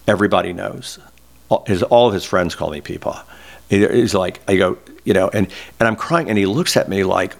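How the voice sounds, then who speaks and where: Older man, very low voice, emotional candid storytelling. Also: fairly quick, gravelly. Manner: emotional, candid, close to tears. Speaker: guest. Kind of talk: personal storytelling in an interview.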